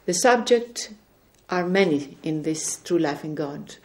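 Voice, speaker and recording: A woman giving an earnest spiritual testimony at home, gently recounting conversations. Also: sits low, animated, measured pace. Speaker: religious speaker. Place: indoors at home.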